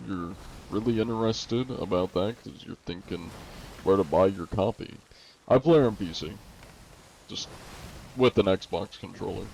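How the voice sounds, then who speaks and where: Man, streamer, low voice, mellow, teasing mock-formal judge act, live game chat. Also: slight background noise, low-quality recording. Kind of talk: live-stream banter, role-playing a judge.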